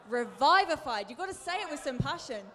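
High-voiced animated woman preaching in a hall. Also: unhurried. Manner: chatty, self-deprecating and animated, with bursts of emphasis. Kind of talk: sermon. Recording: long reverb of a large hall.

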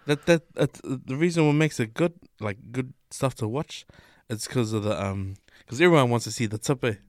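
A man's voice: mid-range voice, moderate pace, no room sound, studio quality. A man, co-hosting a casual podcast chat in laid-back slang. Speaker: podcast co-host.

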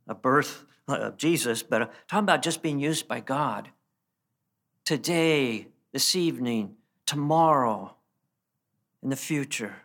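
A pastor preaches earnestly, frequently restarting and repeating words, and his voice drops low and quiet when he wants emphasis.

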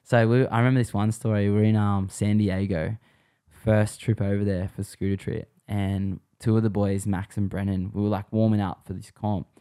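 A young Australian man telling stories in a relaxed, slangy podcast chat. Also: lowish voice, moderate pace, smooth. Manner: laid-back, slangy, animated storyteller. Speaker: podcast guest. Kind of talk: casual storytelling chat.

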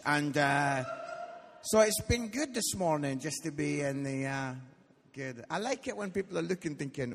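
A man's voice: a little high, expressive, normal speed, vocal fry, a little hiss or hum. A Scottish man in his forties, a guest preacher telling funny stories in a live church sermon, often tagging lines with "yeah?". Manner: jokey, tags lines with "yeah?", acts out quotes. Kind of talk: humorous storytelling sermon. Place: church hall, live audience. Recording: live church hall with long reverb.

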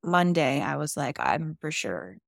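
A woman's voice: low voice, big pitch swings, unhurried, vocal fry, no room sound, studio quality. A woman guest on a podcast, candidly telling a personal story in an open, emotional and casual way, with some swearing.

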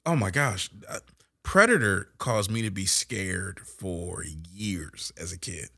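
A man with a low voice and a bright, forceful edge co-hosts a faith-based talk show. He tells stories in an animated way and turns loud and high-pitched when he gets excited. His talk is casual. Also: slow pace, vocal fry, husky, dry recording, studio quality. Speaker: podcast co-host.

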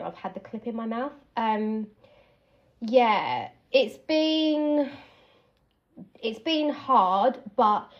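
Young girl rambling on her podcast at home, mid-pitch voice, kinda muffled sound. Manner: chatty, rambling, candid, stops and restarts mid-thought. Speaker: podcast host. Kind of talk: casual chat. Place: at home while doing her hair.

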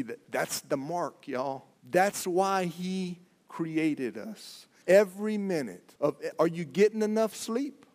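A man preaching a sermon in a relaxed, folksy manner, as a church elder talking with his congregation. His voice sits a little higher than most men's, and he keeps putting questions straight to the listeners.

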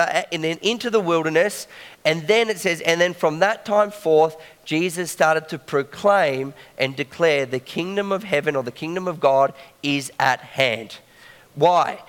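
A man's voice: on the high side, normal speed, a bit bright, clear, resonant tone, big-room sound. A man preaching a sermon in a conversational way, often checking in with the congregation.

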